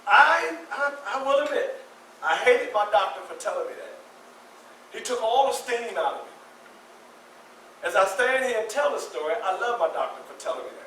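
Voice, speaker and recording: A man in his sixties telling a personal story live to an audience, animated and acting out scenes. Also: high-pitched, moderate pace, pauses often, a little hiss or hum. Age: 60s. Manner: animated, acts out scenes with voices and shouts. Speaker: featured storyteller. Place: community center hall. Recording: echoey room from a far mic, faint ambience.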